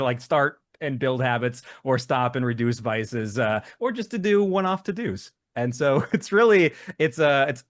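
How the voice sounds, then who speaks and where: Male co-host, mid pitch, laid-back and amused, dry recording. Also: no room sound. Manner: laid-back, laughs while explaining. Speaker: podcast co-host and game developer. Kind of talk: casual podcast chat.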